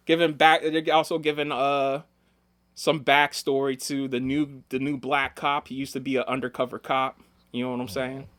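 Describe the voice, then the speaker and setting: A man's voice: mid-range voice, moderate pace, no room sound. A man co-hosting a casual podcast chat, telling stories with lots of swearing and acting out the people he quotes. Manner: animated storytelling, acts out quoted people, swears freely. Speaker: podcast co-host.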